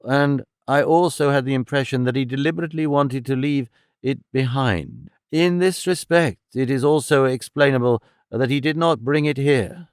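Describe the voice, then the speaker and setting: A man's voice: medium pitch, normal speed, smooth, no room sound, studio quality, lightly acted. A man voicing a polite, reserved older abbot who answers courteously but evasively.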